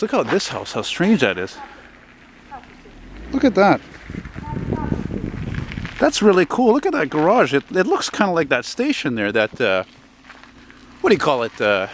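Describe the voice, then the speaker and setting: A middle-aged man from Canada talks into a handheld camera as he strolls down a residential street. His voice sits at an ordinary mid pitch, and his chatter is loose and meandering, wistful about the old days and peppered with swearing. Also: a little hiss or hum. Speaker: vlogger. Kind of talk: casual walking vlog narration.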